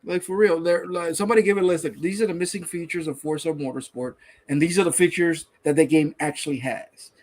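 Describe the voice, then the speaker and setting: Animated man co-hosting a gaming podcast. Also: on the high side, a little fast, few pauses. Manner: animated, incredulous, swears casually. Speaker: podcast co-host. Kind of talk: casual chat.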